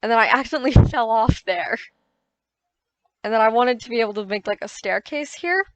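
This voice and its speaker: A woman's voice: a little high, fairly quick, smooth, no room sound. A woman giving casual, rambling voice-over commentary on her own gameplay, often correcting herself as she recounts her frustrations. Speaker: gaming YouTuber.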